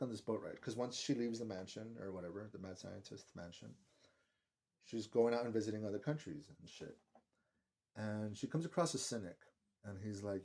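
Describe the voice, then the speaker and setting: A man with a fairly low, darkish voice gives a casual film review. He rambles, swears often, and fills his talk with "like."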